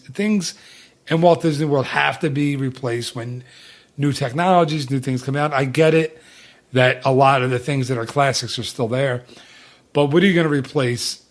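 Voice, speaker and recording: A man hosting a podcast in casual chat, rambling and teasing, with many restarts. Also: a little high. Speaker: podcast host.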